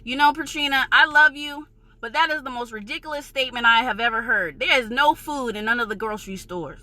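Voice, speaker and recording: A woman's voice: fairly high pitch, fairly quick, sharp tone, no echo. A woman from New York with a New York accent, ranting in a vlog, heated, emphatic and profane, insisting she is passionate, not angry. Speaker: vlogger.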